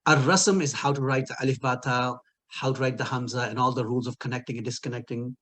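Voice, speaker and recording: A man's voice: mid-range voice, steady tone, quick pace, a bit bright. Playful male linguistics teacher. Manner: playful, jokes and laughs at his own quiz answers. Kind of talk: recorded online lecture with quiz.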